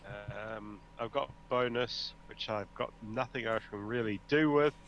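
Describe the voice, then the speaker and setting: A man's voice: lowish voice, unhurried, fairly bright tone, a little hiss or hum. A man playing in a tabletop game, thinking aloud in a hesitant, casual way. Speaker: player. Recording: dull lo-fi audio.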